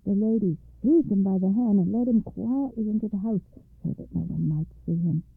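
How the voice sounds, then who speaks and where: A woman narrates a fairy tale in a measured, expressive way, her voice gravelly with a husky edge. The sound is dry, with no room around it, and tinny like an old phone line. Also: medium pitch, dry recording. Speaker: radio storyteller and host.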